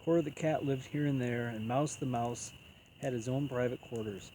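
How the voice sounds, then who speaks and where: A man reading a children's picture book aloud as storyteller, in an even, unhurried way. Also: mid-range voice, a little hiss or hum, low-quality recording.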